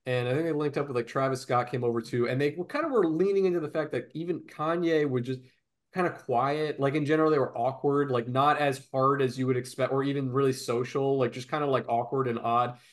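Male podcast host, casual and rambling, mid pitch, talks in long run-on stories. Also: fairly quick. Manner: rambling storyteller, restarts often.

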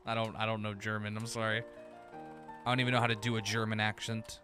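A man's voice: fairly low pitch, completely flat delivery, fast talker, bright, forceful tone, faint music behind. A man streaming a game, giving casual commentary, laughing often and swearing casually.

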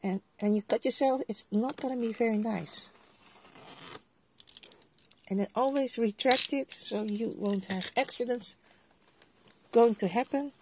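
A middle-aged woman with a Dutch accent unboxes craft supplies at her desk, talking straight to her viewers at an unhurried pace. She keeps exclaiming over each item in a chatty, homely way. A faint background noise sits under her voice. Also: a little high, a little mellow. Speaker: vlogger. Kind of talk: casual crafting haul unboxing.

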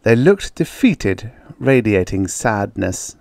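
A man's voice: lowish voice, very animated, creaky, darkish tone, dry recording. A man narrating a vintage science fiction story as an audiobook reader. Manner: slow, measured reading. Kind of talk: scripted narration.

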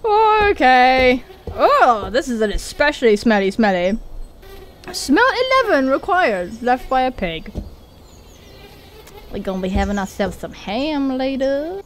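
Woman gamer host, high lively voice, slow drawn-out delivery, playful with swearing, faint noise behind. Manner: playful and swearing, swinging from mutters to shouted outbursts. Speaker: gaming video host. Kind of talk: playing and joking over gameplay.

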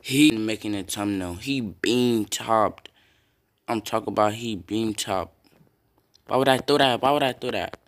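A young man casually commenting on his own football video game, swearing and breaking into loud yells at big plays. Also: fairly low pitch, unhurried. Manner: reactive, swears often, bursts into loud yells.

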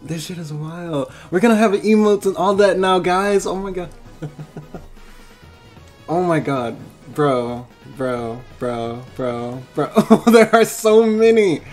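Overwhelmed excitable male streamer. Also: fairly high pitch. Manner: excited, swearing, laughing, stammering thanks. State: overwhelmed, tearing up. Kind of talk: live stream reaction.

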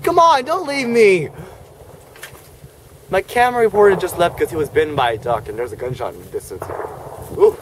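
A man vlogging comically outdoors, pleading and shouting goofily after ducks that ignore him. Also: high voice, animated, fairly quick, pauses often. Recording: noisy outdoor recording.

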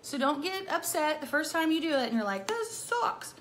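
A woman's voice: sits high, lively intonation, a little fast, slight background noise. A middle-aged woman chatting casually through a makeup tutorial, bubbly and playful, with silly rhyming words. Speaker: makeup vlogger.

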